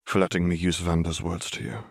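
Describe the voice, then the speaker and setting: A man reading the part of a weary, idealistic woman sheriff who speaks in a soft, measured, formal way. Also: deep voice, monotone, no room sound, clean studio sound. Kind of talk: audiobook reading of fan fiction.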